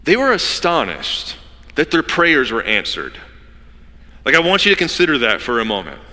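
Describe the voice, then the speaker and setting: Male pastor, animated sermon storyteller; bright, forceful tone, lots of pitch movement, big hall echo. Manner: animated storytelling, acting out characters in quick asides.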